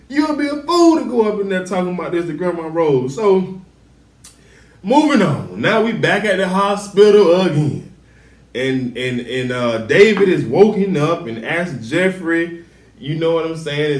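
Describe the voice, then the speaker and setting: Recap host, male, lively slangy delivery, slightly high voice, recorded in a roomy space. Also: unhurried, far from the mic. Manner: animated, slangy, quotes characters. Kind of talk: casual TV episode recap. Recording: roomy sound, set back from the mic.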